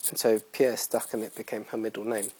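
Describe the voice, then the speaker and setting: A man's voice: lowish voice, little pitch movement, brisk, a little mellow, husky, low-quality recording. A young man hosting his own podcast in casual, rambling, self-mocking chat full of fillers. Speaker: podcast host.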